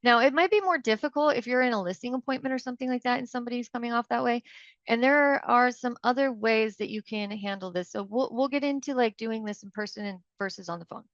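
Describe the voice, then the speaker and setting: A woman gives a live coaching talk to real estate agents, keeping it chatty and often checking in with her audience. She acts out short phone exchanges in quoted voices. Her voice is fairly high and quick, and the recording is dry with the highs cut off.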